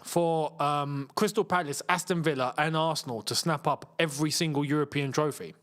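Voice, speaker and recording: A man's voice: fairly high pitch, a little fast, fairly bright tone. A man hosting a live football watchalong, chatting casually and joking with frequent laughter. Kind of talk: casual live match commentary.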